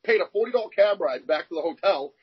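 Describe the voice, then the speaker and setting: A young arm wrestler with a high, breathy-edged voice talks fast in an interview, sharing candid personal stories. He's animated and acts out the quoted dialogue. The sound is dull and lo-fi.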